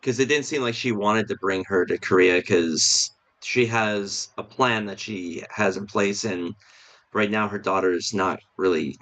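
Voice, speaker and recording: A man co-hosts a casual film review podcast, speaking hesitantly with lots of restarts and fillers. His voice is lowish and fairly bright, unhurried, and the recording is dull lo-fi stream audio.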